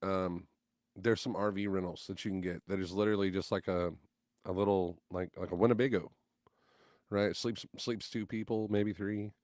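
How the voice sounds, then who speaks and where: A man's voice: low voice, normal speed, no echo, clean studio sound. A man, a guest musician on a podcast, telling stories in casual chat and acting out the people he quotes. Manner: animated, acts out quotes loudly.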